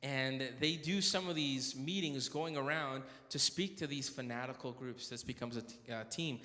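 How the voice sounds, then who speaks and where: A man at a church prayer meeting shares stories in a large hall, joking and chatting while correcting himself along the way. His medium-pitched voice is bright and forceful, delivered at a moderate pace.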